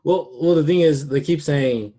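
A man co-hosting a podcast, talking in an excitable, chatty way with lots of fillers. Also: fairly high pitch, moderate pace. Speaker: podcast co-host. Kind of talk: casual chat.

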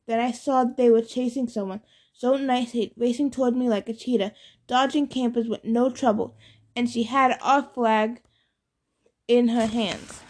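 A woman reads a novel aloud in a somewhat high voice, narrating in first person. She raises her voice and pitch for the shouted dialogue. The reading is steady storytelling. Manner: acts out dialogue with louder, higher shouts. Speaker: audiobook reader.

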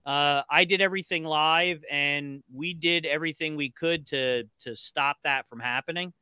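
A gruff man who jokes at his own expense and talks with a slight lisp from a missing tooth, as a guest chatting on a podcast. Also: on the high side, normal speed, bright, forceful tone, dry recording. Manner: gruff, joking, self-deprecating. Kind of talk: casual chat.

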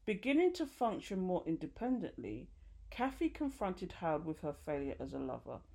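A woman reading a nonfiction book aloud, expressive and lively, with occasional slips and restarts, lifting her voice for quoted dialogue. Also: on the low side, moderate pace, vocal fry. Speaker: audiobook reader.

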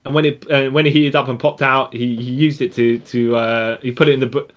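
A man's voice: mid-range voice, fairly even intonation, brisk. A man co-hosting a casual podcast, rambling and restarting his sentences often. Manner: rambling, restarts a lot, says yeah often. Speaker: podcast co-host. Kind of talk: casual chat.

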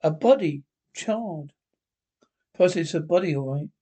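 A man voicing a weary young husband in a radio-play reading, tired and steady. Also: a little high, measured pace, slightly rough. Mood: grim. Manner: tired, reassuring.

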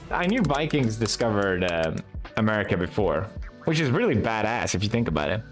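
A man's voice: on the low side, big pitch swings, moderate pace, soft background music. A young man from Sweden, giving casual, sarcastic and profane reaction commentary as a video host.

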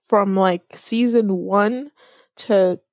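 A teenage girl chatting casually on a voice call, relaxed and teasing, laughing often. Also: mid-range voice, drawn-out words, no room sound. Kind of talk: casual chat.

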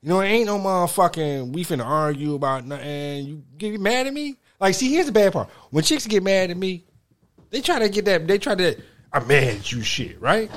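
A man's voice: sits high, expressive, a little fast. Ranting, foul-mouthed man podcast host. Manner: loud, ranting, swears heavily. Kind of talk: casual profane chat.

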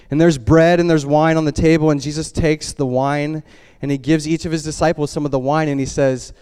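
Male preacher, slightly high, clean, clear voice; relaxed storytelling sermon, chatty fillers, drops soft for weighty lines. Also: a little fast, few pauses, in a large hall. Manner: casual, conversational retelling full of "like" and restarts; lets the voice drop low and quiet for solemn moments.

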